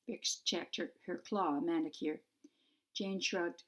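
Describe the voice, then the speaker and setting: A woman author narrating her own fantasy novel in a clear, measured storytelling manner. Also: lowish voice, steady tone, a bit bright. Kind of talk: audiobook narration.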